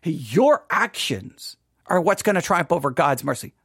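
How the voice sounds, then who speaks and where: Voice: medium pitch, very animated, measured pace, a bit bright, husky, dry recording, clean studio sound. A commentator reacting to a sermon clip with emotional, exasperated ranting and sarcastic mimicry.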